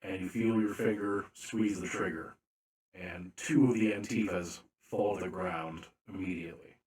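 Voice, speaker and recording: A man narrating a tabletop game as game master, slow and deliberate with frequent fillers. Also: low voice, fairly even intonation, a little mellow, reverberant.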